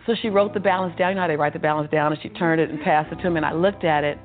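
A woman's voice: deep voice, steady tone, rapid-fire. A woman telling her personal story in conversation, with an emphatic, repetitive preaching cadence. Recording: tinny phone-like audio with faint music.

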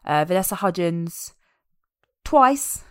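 A woman chatting casually as a podcast co-host, animated and amused as she recaps a film. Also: on the low side, slow, clear, resonant tone, no echo, clean studio sound. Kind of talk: casual chat.

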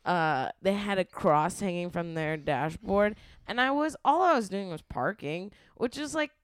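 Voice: medium pitch, expressive, a little slow, clean tone, dry recording, studio quality. A podcast co-host in casual chat, telling stories bluntly with plenty of swearing. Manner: blunt and profane storyteller.

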